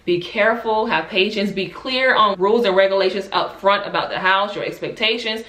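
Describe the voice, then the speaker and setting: A young woman tells her story in a bright, forceful voice, animated and quick to break into laughter. The sound bounces around an echoey room. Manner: animated, acts out quotes in high voices, laughs often. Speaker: vlogger. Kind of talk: casual storytelling.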